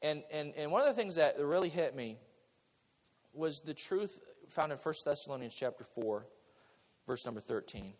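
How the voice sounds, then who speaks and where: Male pastor, fairly high voice, lively preaching style with repeated words and jokey asides; long hall reverb. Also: moderate pace. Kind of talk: sermon.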